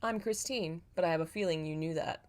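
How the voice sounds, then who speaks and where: A woman's voice: deep voice, a little fast, a little mellow, close to an everyday voice. A woman reading aloud as a guarded young heroine who talks bluntly and warily. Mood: wary snappish. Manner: blunt and wary. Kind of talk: reading own fanfiction aloud.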